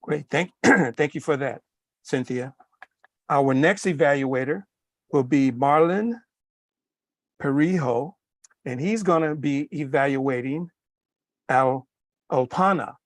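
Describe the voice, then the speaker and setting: A man leading an online club meeting as general evaluator, brisk and polite. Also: fairly high pitch, dry recording. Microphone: video call.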